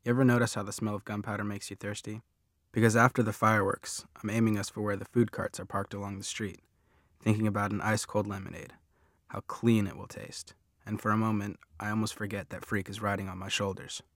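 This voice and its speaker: A man reads a first-person audiobook in a low, fairly flat voice, steady and plain. The close studio mic leaves the sound completely dry. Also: a little fast, no echo. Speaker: audiobook narrator.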